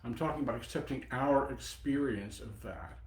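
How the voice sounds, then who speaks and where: A man in his seventies giving a dharma talk as a Buddhist teacher, reflective, pausing and personal. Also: medium pitch. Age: 70s. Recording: echoey meeting room.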